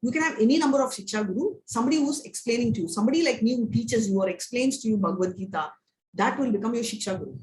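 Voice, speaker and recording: A woman's voice: on the high side, animated, very fast, a little mellow. A woman with an Indian English accent teaching a devotional scripture class, telling stories and often tagging lines with "right?" and "you know". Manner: storytelling, frequent "right?" and "you know" tags. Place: temple class room. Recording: echoey room with faint noise.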